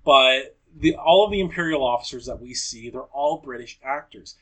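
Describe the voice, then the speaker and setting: A man's voice: mid-range voice, normal speed, a bit bright. A man co-hosting a podcast in casual chat, thoughtful and explanatory, often agreeing. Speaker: podcast co-host.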